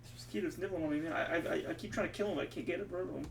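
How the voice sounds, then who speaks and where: A man's voice: on the high side, very fast, vocal fry. Man muttering to himself while coding. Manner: muttering to himself, exasperated, swears casually. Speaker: streamer coding on camera. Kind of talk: thinking aloud while coding. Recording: distant mic with faint background noise.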